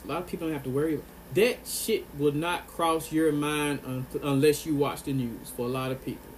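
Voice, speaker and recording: Male vlogger, slightly raised pitch, impassioned and emphatic, repeats lines for weight, faint background hum. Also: steady tone, a little fast. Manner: earnest and emphatic, repeats phrases for stress. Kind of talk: impassioned monologue to camera.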